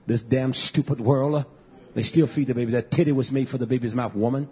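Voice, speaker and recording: A slightly rough male voice preaches a little fast and in a steady tone. The sermon is fiery, blunt, and full of repetition, moving between shouts and low mutters. The audio is muffled and lo-fi.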